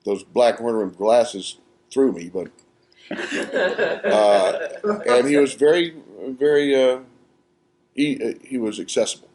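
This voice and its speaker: A man, an actor guest, telling set stories with animated delivery and acting out quotes, recorded at a live podcast in a small theatre. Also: mid-range voice, takes it slowly, long pauses. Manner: animated, acts out quotes with laughter. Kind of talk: casual anecdotal storytelling.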